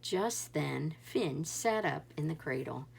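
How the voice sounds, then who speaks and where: A woman reading a folktale picture book aloud in an expressive storybook style, with dramatic rises and drops. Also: low-pitched, takes it slowly, creaky, husky. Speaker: read-aloud narrator.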